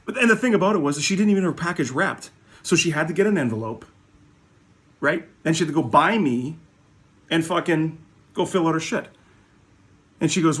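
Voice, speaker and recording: A man's voice: fairly high pitch, expressive, fairly quick, long pauses. Profane ranting man. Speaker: hockey card seller. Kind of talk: casual ranting vlog.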